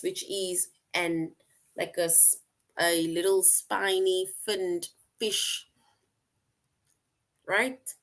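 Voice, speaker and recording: A woman teacher explaining a lesson slowly, repeating points and checking in with "right?" often. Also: fairly low pitch, fairly even intonation, a bit bright. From outside the US. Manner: slow, repetitive explaining, frequent "right?" check-ins. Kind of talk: online class lesson.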